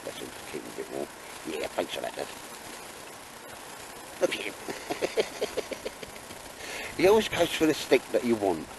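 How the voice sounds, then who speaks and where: A man's voice: on the low side, wildly swooping pitch, normal speed, creaky, long pauses, noisy background. A man chatting casually and jokily while camping in damp woods. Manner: chatty, jokey, laid-back. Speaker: vlogger. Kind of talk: casual outdoor chat.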